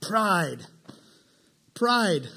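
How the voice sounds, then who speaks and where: A male preacher with a high voice gives an animated, conversational sermon. He keeps asking the listeners questions as he talks. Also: drawn-out words, gravelly. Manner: animated, asks the crowd questions.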